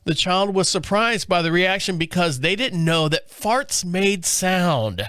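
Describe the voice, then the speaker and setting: A man's voice: high voice, lively intonation, measured pace, a bit bright, clean tone, no room sound, clean studio sound. A man hosting a casual comedy podcast who reads a story aloud, often laughing and stumbling over his words. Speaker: podcast host. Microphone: studio multi-camera setup.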